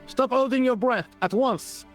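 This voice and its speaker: An actor playing an eager, bumbling young police sergeant. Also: male voice, extremely high pitch, measured pace, music in the background. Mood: earnest. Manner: earnest, fussy, eager to please.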